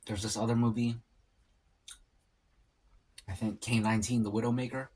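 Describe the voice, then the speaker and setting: A man in a casual solo eating vlog, rambling and musing aloud with pauses as he chats about movies. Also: on the low side, little pitch movement, a little mellow, breathy edge. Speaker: mukbang vlogger. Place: home, at a table eating.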